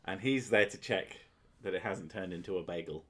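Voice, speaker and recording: A man's voice: deep voice, normal speed. A man, co-hosting a crude, joking casual chat and laughing often. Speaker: podcast co-host.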